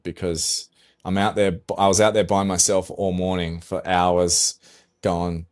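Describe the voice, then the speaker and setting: A middle-aged man, a pro surfer guest on a podcast, telling a story in a casual, animated way, swearing and acting out his own dialogue. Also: low voice, unhurried.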